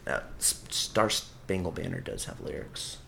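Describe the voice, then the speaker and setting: A man with a lowish voice talks casually as a podcast guest. He rambles, swears freely and keeps restarting his sentences. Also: measured pace, gravelly, pushed and bright, slight background noise. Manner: rambling and profane, with frequent restarts. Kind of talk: casual chat.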